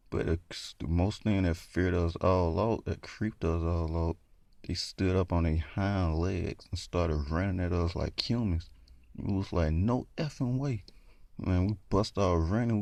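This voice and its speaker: A man's voice: deep voice, creaky, mellow. A man telling a horror story in a casual, rambling way, full of fillers.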